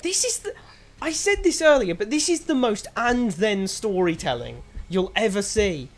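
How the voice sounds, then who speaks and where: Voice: mid-range voice, sing-song, normal speed. A host of a casual gaming stream who rambles, analyses the story and hums tunes.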